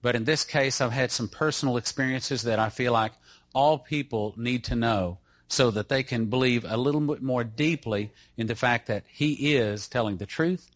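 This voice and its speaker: Middle-aged man, church speaker with a testimony style, mid-pitched, dry close sound. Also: moderate pace, dry recording. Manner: earnest, storytelling. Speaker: church speaker introducing a guest. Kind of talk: testimony-style talk to an audience.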